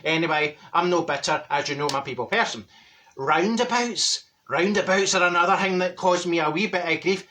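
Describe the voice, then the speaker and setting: A man voicing a brash, chatty Glaswegian woman of a certain age, who tells her comic stories in a gossipy way, swooping up in pitch and laughing mid-sentence. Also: moderate pace, sharp tone, a little hiss or hum. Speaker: comedy character monologue. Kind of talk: comic character monologue to camera.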